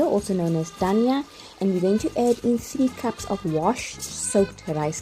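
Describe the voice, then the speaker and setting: A woman giving a chatty, step-by-step cooking tutorial voice-over. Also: medium pitch. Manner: chatty, step-by-step instructions with light laughs. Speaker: cooking vlogger. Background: background music.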